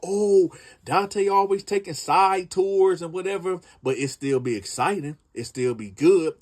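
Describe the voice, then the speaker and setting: A man's voice: medium pitch, breathy edge. A man telling a prison story casually, chatting and speaking directly to his listeners.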